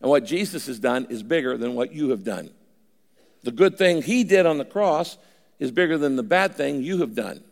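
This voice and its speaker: Gravelly older man preaching in a hall. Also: medium pitch, expressive, normal speed. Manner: conversational preaching, voices imagined listeners. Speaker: pastor. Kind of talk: sermon.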